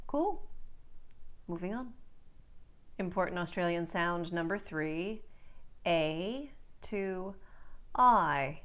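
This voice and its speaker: A woman's voice: medium pitch, measured pace, a bit bright. A woman accent coach giving a scripted lesson, carefully enunciating drill words and phrases.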